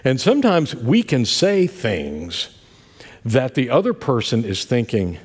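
Older preacher, folksy and lively. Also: male voice, medium pitch, unhurried, husky, big-room sound. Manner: folksy storytelling with many asides. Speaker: pastor. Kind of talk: sermon. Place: church sanctuary.

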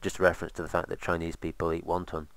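A man's voice: low-pitched, monotone, rapid-fire, fairly bright tone, dry recording. A man casually commentating while playing a game, rambling with sarcastic asides. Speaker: let's play host.

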